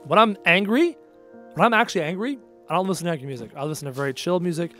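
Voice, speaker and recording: A man's voice: high voice, animated, racing, bright, forceful tone, faint music behind. A young man chatting casually on a live stream, answering chat bluntly and repeating phrases for emphasis.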